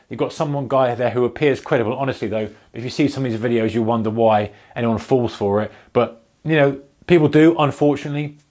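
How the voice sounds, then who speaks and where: A man's voice: mid-range voice, darkish tone. A man hosting a trading channel, talking casually to camera in a blunt, exasperated way.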